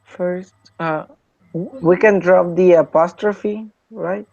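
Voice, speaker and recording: A soft-spoken woman in a casual study group, hesitant and full of fillers. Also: fairly low pitch, fairly even intonation, slow, vocal fry, muffled recording.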